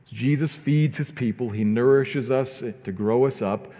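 A man's voice: medium pitch, normal speed, dark tone, big-room sound. A man preaching a sermon as pastor, earnest and often repeating words as he builds his points.

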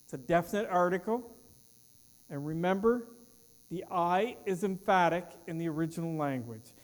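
A man's voice: on the high side, a little mellow, big-room sound. A man preaching a sermon as pastor, with an emphatic cadence that trails off at the ends of phrases. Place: church.

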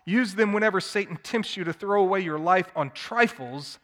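A man preaching a sermon, swinging from hushed tones to loud, emphatic declamation. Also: high voice, expressive, normal speed. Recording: long hall reverb.

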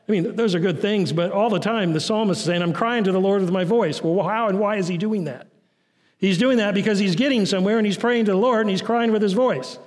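A man preaching a sermon as pastor, swinging from raised, urgent lines to low, quiet ones. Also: brisk, in a large hall. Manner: preaching with rising and falling intensity, dropping low and soft on key lines.

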